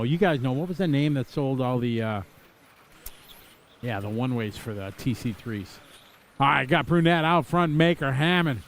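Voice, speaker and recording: A middle-aged man from Wisconsin giving live, chatty commentary on a radio-controlled car race, rambling into asides between calls. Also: on the high side.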